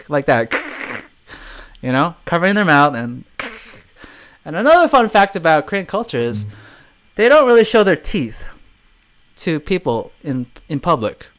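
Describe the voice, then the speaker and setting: Animated man chatting on a livestream. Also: high-pitched. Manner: animated, laughs often, jokey. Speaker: livestream host and swim teacher. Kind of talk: casual livestream chat reading comments.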